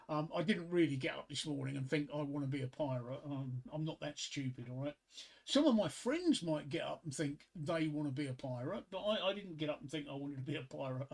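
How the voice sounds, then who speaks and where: A man's voice: fairly high pitch, creaky, breathy edge, rough recording. An older man hosting a casual solo livestream, rambling and self-deprecating as he chats to his viewers. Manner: frequent fillers and restarts. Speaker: livestream host.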